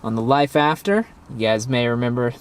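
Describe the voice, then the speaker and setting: A man hosting a travel vlog, talking to viewers in a relaxed, chatty way while outdoors on a day trip. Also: mid-range voice, normal speed, clean tone. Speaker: vlog host. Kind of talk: casual vlog narration.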